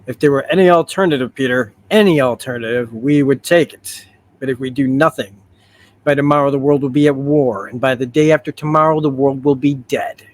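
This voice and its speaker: A man's voice: mid-range voice, fairly quick, close to an everyday voice. A man reading as a grave mutant leader. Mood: solemn. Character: grave older male mutant leader, resolute.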